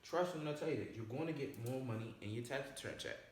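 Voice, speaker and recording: A man talks through a personal finance lesson with an emphatic, repetitive style, tagging each point with "okay?" or "all right?". His voice sits at a middle pitch. The sound bounces around a very echoey room. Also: expressive, quick pace, a little hiss or hum. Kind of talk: casual explainer video.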